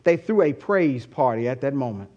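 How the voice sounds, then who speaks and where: A male pastor preaching a sermon with animated storytelling and rhetorical questions. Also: mid-range voice, normal speed, muffled recording.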